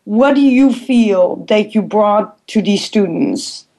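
A woman's voice: mid-range voice, lively intonation, darkish tone. A woman hosting a radio interview, politely moving the talk along and offering short affirmations. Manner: polite, brisk, keeps time, gives short affirmations.

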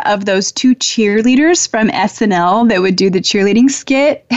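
A woman's voice: fairly high pitch, no echo, muffled recording. Affectionate spiritual talk host, a woman. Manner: warm, affectionate, laughs often, pauses with fillers. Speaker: host, angel communicator. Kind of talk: spiritual talk show monologue.

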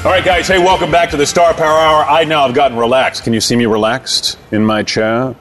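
A man's voice: fairly high pitch, fairly even intonation, brisk, a bit bright, faint music behind. A man hosting a talk show in casual, playful, teasing chat with a guest.

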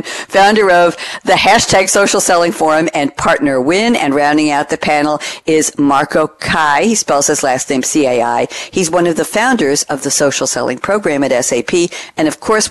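A woman hosting a business radio talk show, emphatic and upbeat, spelling out names as she introduces guests. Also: low voice. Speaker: radio show host and moderator. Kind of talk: scripted radio show opening.

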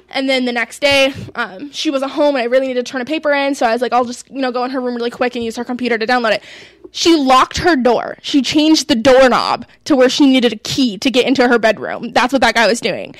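Young woman, animated storyteller, casual talk-show co-host, highish voice, dry close sound. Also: dry recording. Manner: animated, quotes herself and others.

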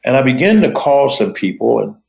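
A man hosting a show, telling a motivational story in short phrases with dramatic, deliberate pauses. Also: medium pitch, very animated, vocal fry, darkish tone, reverberant, poor audio. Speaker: host.

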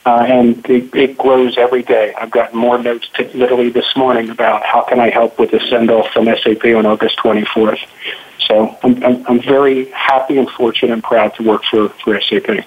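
A man calling in as a guest, earnest and halting with fillers. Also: mid-range voice, flat delivery, husky. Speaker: guest caller. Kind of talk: phone interview. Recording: tinny phone line.

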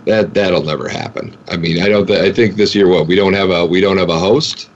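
A man with a fairly low voice who speaks hesitantly, stopping and restarting as he works through his point. The sound is a bit dull and lo-fi. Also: slight background noise. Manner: hesitant, halting. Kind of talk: casual chat.

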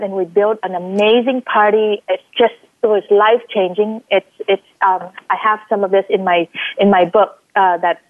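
A woman from Vietnam, a life coach, telling her story in a casual interview and acting out quoted lines in a much higher voice. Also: no echo. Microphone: phone call. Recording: tinny phone line.

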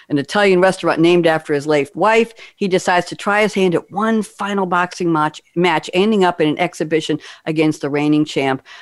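Chatty panel host, dry close sound. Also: no echo. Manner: chatty, animated, jumps up in pitch for emphasis. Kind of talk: moderating a webinar panel.

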